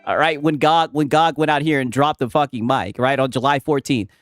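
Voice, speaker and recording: A man streaming reactions in loud, excitable, teasing chat, swearing a lot. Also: medium pitch, a little fast, faint music behind.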